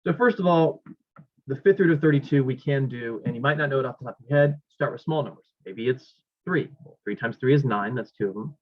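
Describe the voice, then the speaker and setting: A man's voice: medium pitch, fairly quick. Man lecturing a math class. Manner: talks while writing, thinks aloud, self-corrects. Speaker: math instructor. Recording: dull lo-fi classroom recording.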